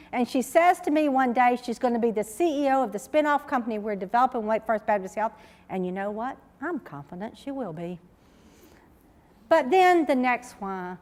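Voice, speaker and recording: A woman, giving an emphatic, story-driven conference talk as a researcher. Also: on the high side. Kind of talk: conference keynote speech. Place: large conference hall. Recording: reverberant lecture hall.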